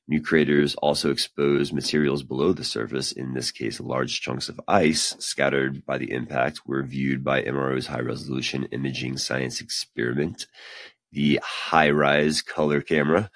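A man's voice: extremely low pitch, a bit bright, no echo. A man hosting a podcast, reading science news aloud and breaking off into casual, swearing, self-deprecating asides. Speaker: podcast host.

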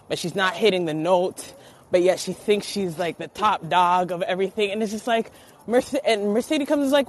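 A woman actor speaking in a reflective, measured way as a guest in a casual podcast interview. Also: fairly low pitch, a little hiss or hum, low-quality recording.

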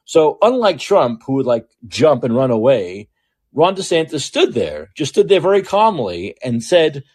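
A man's voice: mid-range voice, sing-song, a little slow, a little mellow, husky, no room sound, studio quality. A male host giving blunt, profane political commentary in a ranting way, with frequent restarts.

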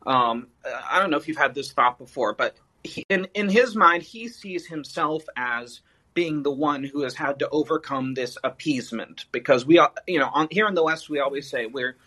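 Man in his thirties, higher pitched, bright and forceful, rambling, hesitant fillers. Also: moderate pace, low-quality recording. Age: 30s. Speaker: caller. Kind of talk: casual chat.

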